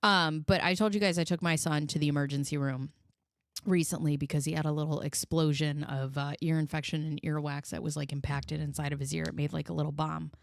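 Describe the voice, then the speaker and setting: A woman's voice: low-pitched, steady tone, fairly quick, gravelly, dry recording. A woman in her thirties hosting a live stream, chatting in a rambling, heartfelt way. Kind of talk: casual commentary.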